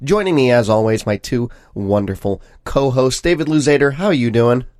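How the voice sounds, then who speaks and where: A man's voice: medium pitch, lively intonation, moderate pace, darkish tone, dry recording, studio quality. Sick, nasal male podcast host. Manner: chatty, laughs often, friendly introductions. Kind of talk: casual film podcast chat.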